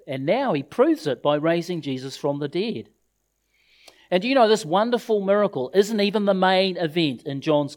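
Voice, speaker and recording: A man preaching at a funeral, with a voice a little higher than most men's. He tells the scripture story expressively and quotes its words. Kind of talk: funeral sermon.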